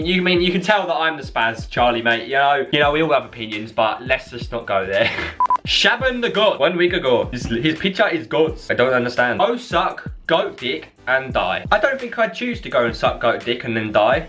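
A man's voice: fairly high pitch, sharp tone. A young English man vlogging casually, cheeky and slangy, often laughing as he reacts to comments. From England. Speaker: YouTuber.

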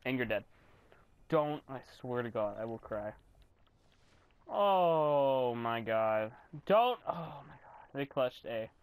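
A young man giving casual commentary while playing a video game, swearing and yelling in frustration. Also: mid-range voice, expressive, slow pace, pauses often, clear, resonant tone, no echo. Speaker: gamer commentator.

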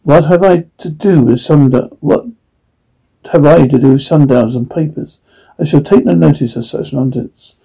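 A man voicing a stubborn, scoffing older gentleman in a storybook reading, dropping his voice low and muttering dismissively. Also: normal speed, vocal fry, breathy edge, rough recording.

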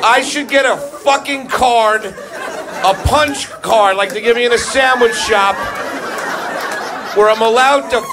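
A man's voice: very high-pitched, takes it slowly, pauses often, noisy background. A man doing a profane, confrontational stand-up set, recorded live on a club stage with a handheld mic. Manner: profane, confrontational, aggressive punchlines. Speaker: stand-up comedian. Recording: live club recording with loud crowd laughter.

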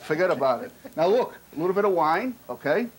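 A man's voice: fairly high pitch, sing-song, fast talker, background noise. A man, a chef, chatting and joking as he cooks in a restaurant kitchen, often tagging his sentences with "okay?". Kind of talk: casual chat while cooking.

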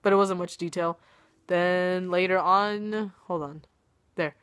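A woman's voice: fairly low pitch, fairly even intonation, takes it slowly, a bit bright, clear, resonant tone. A young woman vlogging casually, chatty and self-mocking, her voice worn and coming and going from being sick. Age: young adult. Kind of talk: casual vlog chat. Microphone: webcam or phone camera.

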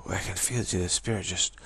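A spiritual teacher gives a talk on spiritual practice, speaking in a halting, musing way with frequent restarts and repeated phrases. He has a deep voice, and there's background noise.

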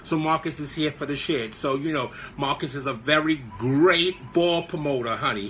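A man's voice: a little high, pushed and bright, a little hiss or hum. A man hosting a live stream in a sassy, flamboyant way, calling everyone honey and baby. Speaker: live-stream show host. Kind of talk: casual live-stream chat.

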